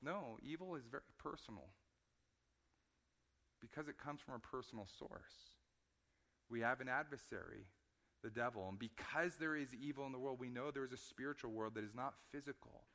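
A man preaching a sermon, moving between hushed low stretches and loud emphatic points, often repeating words as he stresses them. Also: moderate pace. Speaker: pastor.

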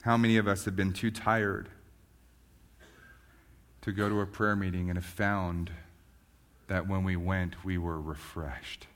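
A man preaching a sermon as a pastor, moving from quiet reflection to loud, fervent emphasis. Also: deep voice.

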